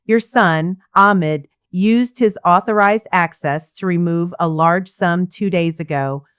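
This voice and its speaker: Brief: polite, detached male banker, voiced by a woman storyteller, slightly low voice. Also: slow pace, fairly bright tone, clean tone. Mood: formal. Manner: professional, cold. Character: polite male bank officer on phone.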